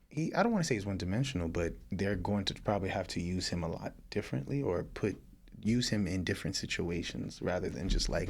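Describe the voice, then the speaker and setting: A man's voice: deep voice, gravelly, slightly rough. A man guesting on a podcast, talking football in a laid-back, playful way. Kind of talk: casual sports chat.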